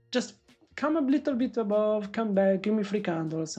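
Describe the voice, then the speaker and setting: An excitable woman trader streams live commentary on her trades to viewers. Her voice sits in a middle register, and she swears freely and chats loosely. Faint music plays in the background. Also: medium pitch, measured pace, slightly rough, dull audio.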